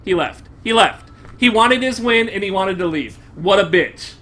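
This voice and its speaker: A young man streaming a game live, commenting in an excitable, profane way and bursting into shouts. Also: high voice, normal speed.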